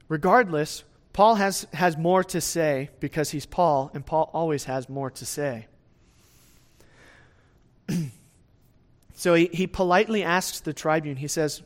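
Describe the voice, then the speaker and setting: Conversational male preacher, slightly higher voice. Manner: conversational, often asks "right?" to the listeners; lively swings in loudness, speeds up and slows down. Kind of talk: sermon, verse-by-verse teaching.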